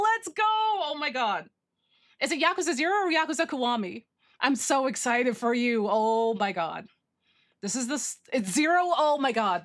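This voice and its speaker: A woman livestreaming, chatting casually with her viewers, gushing and excitable as she reads chat. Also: sits high. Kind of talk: casual stream chat, reading chat.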